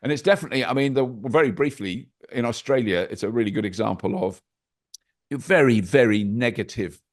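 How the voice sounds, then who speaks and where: An older man, a podcast guest chatting over a video call, animated and anecdotal with wry asides. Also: medium pitch, a little fast. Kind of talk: casual interview chat.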